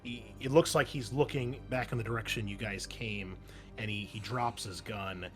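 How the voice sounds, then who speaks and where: A man narrating a tabletop role-playing game as game master, pausing often with fillers and restarts. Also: lowish voice, fairly even intonation, soft background music. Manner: halting, many fillers and restarts.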